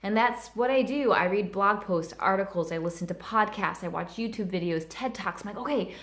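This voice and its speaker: A woman's voice: medium pitch, moderate pace, fairly bright tone, echoey room. A woman in her thirties telling a personal story in a vlog, earnest and heartfelt, with lots of "like". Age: 30s. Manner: earnest and heartfelt, many fillers of "like". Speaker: vlogger.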